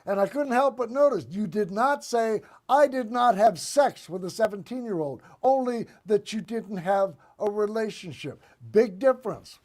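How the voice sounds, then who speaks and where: A man hosting a political comedy show, delivering one-liners and sarcastic commentary in a deadpan monologue. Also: very high voice. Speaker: host.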